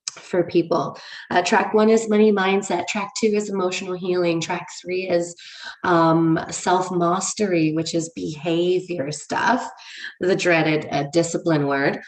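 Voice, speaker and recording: Frank English woman, echoey livestream room. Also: fairly low pitch. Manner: frank and warm-hearted, swears for emphasis, greets viewers by name. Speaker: ministry leader. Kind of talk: casual livestream talk to viewers.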